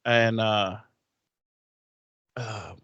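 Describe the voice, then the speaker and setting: A man co-hosting a podcast, casually retelling an episode with quick acted-out quotes and swearing. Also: lowish voice, steady tone, fairly bright tone, clear, resonant tone, dry recording, lo-fi sound. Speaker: podcast co-host. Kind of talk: casual episode recap chat.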